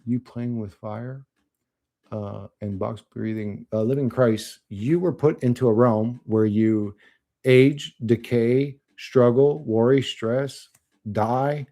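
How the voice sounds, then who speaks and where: A man's voice: medium pitch, warm tone. A young man streaming live, chatting casually and bluntly, cursing often and laughing at chat.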